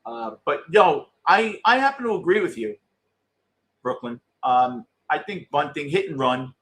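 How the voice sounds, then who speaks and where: With a voice on the high side and a measured pace, a middle-aged man hosts a postgame show. He chats casually to viewers, swearing without restraint as he reacts bluntly and excitedly to a live game.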